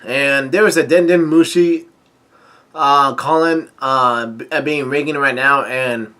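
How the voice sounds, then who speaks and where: A man's voice: medium pitch, fairly even intonation, a little slow, sharp tone. A man casually reading through a manga chapter, hesitant and full of fillers and restarts. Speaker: manga reader and commentator.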